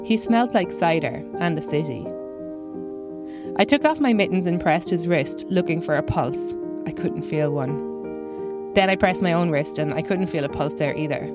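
A woman's voice: lowish voice, expressive, normal speed, loud music behind the voice. A woman comedian telling a first-person comic story in a dry, self-deprecating way.

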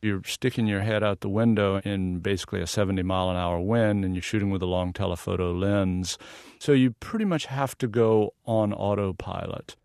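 A man's voice: lowish voice, steady tone, moderate pace, creaky, darkish tone, dry recording, studio quality. A man from the American South, a guest photographer answering earnest, explanatory interview questions. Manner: earnest and explanatory, sometimes laughing. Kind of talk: radio interview.

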